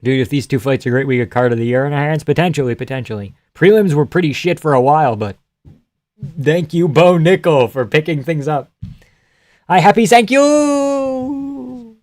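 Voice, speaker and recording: A man's voice: on the high side, brisk, a little mellow, no room sound, studio quality. A man streaming live, chatting casually and joking through a fight watch-along, reading chat aloud and swearing freely.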